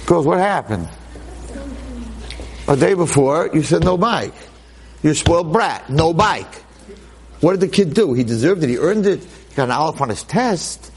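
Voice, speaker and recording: Animated man telling a story. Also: fairly high pitch, normal speed, pauses often, husky. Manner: animated, acting out the characters' voices; peppers his speech with Yiddish and Hebrew words. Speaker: lecturer. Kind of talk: storytelling talk.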